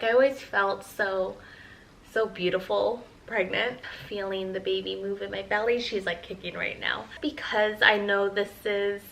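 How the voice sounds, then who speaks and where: A woman's voice: fairly high pitch, gravelly, pushed and bright, low-quality recording. A pregnant woman in her thirties, a mom vlogger chatting candidly with her viewers in a casual Q&A update.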